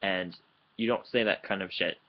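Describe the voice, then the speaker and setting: A man's voice: sits low, normal speed, lo-fi sound. Angry profane young man ranting. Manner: heated, profane, rambling with restarts. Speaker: vlogger. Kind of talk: angry vlog rant. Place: indoors at home, late at night. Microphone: computer microphone.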